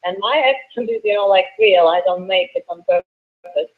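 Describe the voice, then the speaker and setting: A woman's voice: mid-range voice, moderate pace. A woman in her late twenties from Russia with a Russian accent, a professional wrestler answering interview questions earnestly with many hesitations. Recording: tinny phone line.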